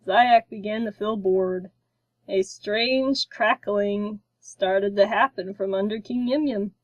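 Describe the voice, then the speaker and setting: A woman narrating a children's storybook in a slow, careful reading. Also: mid-range voice, dry recording, lo-fi sound.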